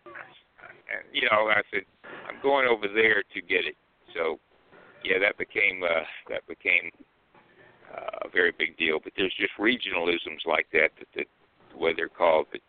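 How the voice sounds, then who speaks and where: Deep-voiced older Southern man, phone-line sound. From American South. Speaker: co-host. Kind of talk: casual podcast chat. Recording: tinny phone-line audio.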